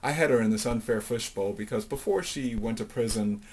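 A low-voiced, middle-aged man tells his life story as a guest in an interview, speaking reflectively with lots of fillers and voicing the people he quotes. His delivery is brisk, with a darkish, husky tone.

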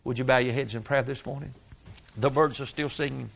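A man's voice: mid-range voice, a little fast, vocal fry, fairly bright tone. Folksy preacher man. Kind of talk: sermon.

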